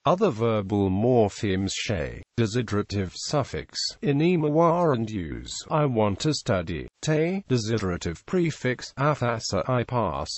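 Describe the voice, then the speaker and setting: Lively synthetic male narrator voice. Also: mid-range voice, dry recording. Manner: reads punctuation marks aloud, stumbles over foreign words. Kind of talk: synthetic reading of an encyclopedia article.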